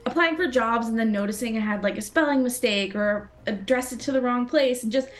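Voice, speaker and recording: A woman's voice: on the high side, fairly quick. A young woman from Canada, a designer talking casually in an interview, with many fillers and restarts. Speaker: guest designer.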